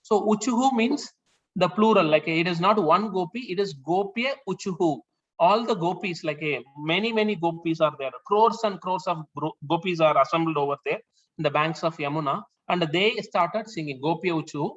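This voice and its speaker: A man leading a scripture class, explaining the verses slowly with many fillers and restarts. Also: fairly high pitch. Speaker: class leader. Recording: dull lo-fi sound.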